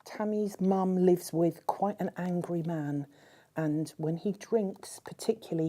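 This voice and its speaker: A woman giving a conference keynote speech in a measured way, posing rhetorical questions to the audience. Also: lowish voice, mellow. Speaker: keynote speaker.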